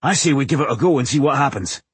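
A male narrator voicing a calm, knowledgeable male dwarf scholar who explains things patiently. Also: medium pitch, fast, slightly rough, dry recording, voice pushed up. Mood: enthusiastic. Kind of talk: audiobook character voice.

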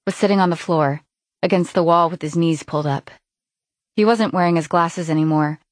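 A woman narrating an audiobook in an even, clear reading voice. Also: lowish voice, no room sound. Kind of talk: scripted narration.

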